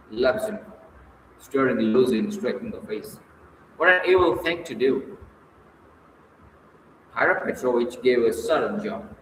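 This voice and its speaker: A man narrating a novel as an audiobook, in a measured storytelling manner. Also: mid-range voice. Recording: echoey distant room, long reverb, faint noise.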